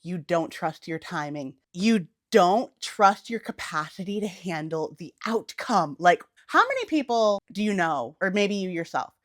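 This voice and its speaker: A woman's voice: expressive, measured pace, hardly any pauses, no room sound, clean studio sound. Blunt, profane young woman vlogger. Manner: blunt, profane and high-energy. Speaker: manifestation coach on her channel. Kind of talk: casual vlog talk to camera.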